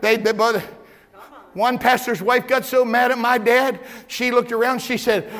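A man delivers a sermon from the pulpit of his church, his voice high and bright. He presses his points with shouts and repeated words. A long reverb from the hall follows every line. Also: normal speed. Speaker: pastor.

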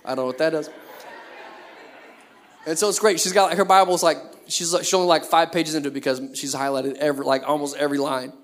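A pastor in his thirties preaches in an easy, conversational way, tossing out rhetorical questions to the congregation. His voice sits a little higher than most men's. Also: level tone, fast, few pauses, some chatter behind. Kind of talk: sermon.

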